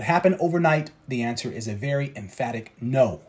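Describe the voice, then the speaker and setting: A man's voice: medium pitch, animated, a little fast. A man coaching traders in a motivational talk, preachy and repeating his points for emphasis. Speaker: trading coach.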